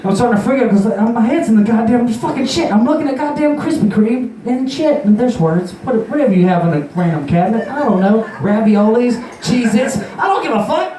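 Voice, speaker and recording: A man's voice: lively intonation, a little fast, hardly any pauses, mellow, a little hiss or hum. A young man telling a rambling, profane story live, laughing and acting out voices. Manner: rambling, profane, laughing, acts out quotes in a higher voice. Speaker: storyteller at an open mic. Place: bar or juke joint. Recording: echoey room from far off.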